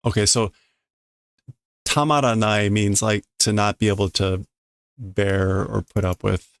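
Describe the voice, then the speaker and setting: A gravelly, fairly low-voiced man reads a comic aloud and translates it at an unhurried pace. He talks in a halting way, correcting himself often and chuckling along. The sound is dry and close. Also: fairly even intonation, no echo. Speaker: streamer reading manga to learn a language. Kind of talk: casual read-through with translation.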